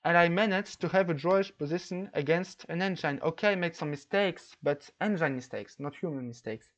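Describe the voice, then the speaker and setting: Excitable French chess vlogger. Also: male voice, on the high side, a little fast, muffled recording. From France. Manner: excitable storytelling, many restarts. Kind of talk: casual recap monologue.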